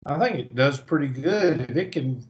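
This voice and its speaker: Over muffled video call audio, a Southern US man gives an online math lecture, chatting and reasoning out loud. He speaks at normal speed in an animated, mid-range voice.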